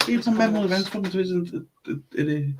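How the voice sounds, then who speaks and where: A man's voice: high-pitched, darkish tone, a little hiss or hum. Chatty Scouse male podcast host. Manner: chatty, quick to joke and laugh. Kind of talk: casual chat.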